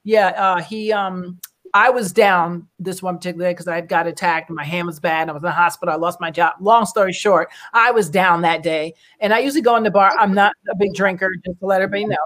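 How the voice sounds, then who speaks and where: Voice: medium pitch, steady tone, quick pace, fairly bright tone. A host of a casual group discussion, a chatty storyteller who acts out the voices of people in the story.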